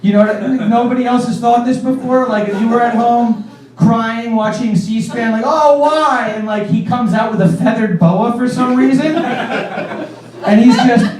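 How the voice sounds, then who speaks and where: Guy doing standup, high voice, rambly, lots of likes, recorded from far back in an echoey room. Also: fairly even intonation, a little slow, crowd noise. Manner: rambling, laughing at his own jokes, heavy use of "like". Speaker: stand-up comedian. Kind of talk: stand-up set. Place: comedy stage.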